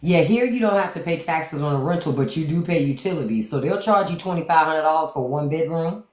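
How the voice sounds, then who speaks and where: A woman with a lower voice and hosts a casual live stream. She talks bluntly and jokingly and swears freely. Her voice carries a roomy echo. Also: a little fast. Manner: blunt, profane and joking, with animated quoted asides. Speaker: podcast host on a live stream.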